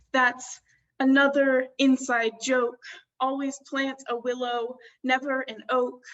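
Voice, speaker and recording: A woman's voice: on the high side, fairly bright tone. A woman in her twenties, a graduating student poet, giving a playful, wordplay-filled poetry reading. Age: 20s. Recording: distant, dull lo-fi recording.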